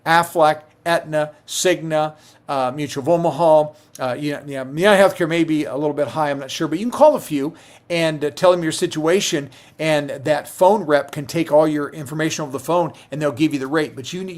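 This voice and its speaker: Fielding questions from viewers during a live stream, this middle-aged man who sells Medicare insurance has a fairly high pitch and a fairly quick pace. He keeps it conversational but often restarts and leans on filler words.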